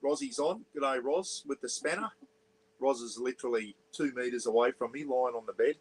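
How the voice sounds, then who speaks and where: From inside a small caravan, an Australian man hosts an offhand, rambling livestream chat into an iPad, greeting viewers by name and reading their comments. He speaks a bit low to avoid disturbing the neighbours, at a moderate pace, on a rough recording with a little hiss or hum.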